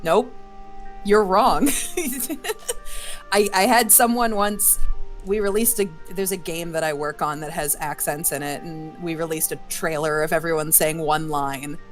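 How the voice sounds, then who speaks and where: A woman voice actor chatting on a casual live stream, telling stories quickly and laughing often. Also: deep voice, fairly even intonation, faint music behind. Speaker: voice actor and casting director.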